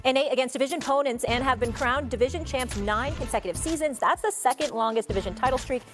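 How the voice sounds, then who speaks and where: A woman moderating a sports debate show, briskly reading figures and posing a question. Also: sits high, music in the background.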